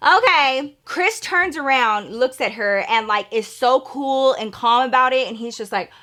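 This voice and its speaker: A young woman with a slightly high voice tells a story on her vlog, sassy and salty. She swears freely and plays up the drama. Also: moderate pace, pushed and bright. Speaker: vlogger.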